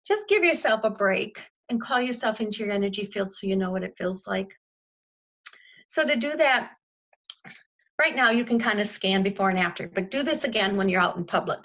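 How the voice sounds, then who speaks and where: A woman's voice: medium pitch, animated, moderate pace, fairly bright tone, lo-fi sound. A woman leading a group call as a spiritual teacher, talking in an enthusiastic, repetitive way with playful exclamations. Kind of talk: guided spiritual coaching talk.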